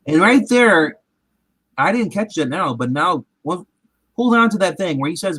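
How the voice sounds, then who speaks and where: A man's voice: high voice, sing-song, moderate pace, a bit bright, no echo, low-quality recording. A man recapping a show in casual, rambling chat, acting out quotes in different voices. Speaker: comic show recap host.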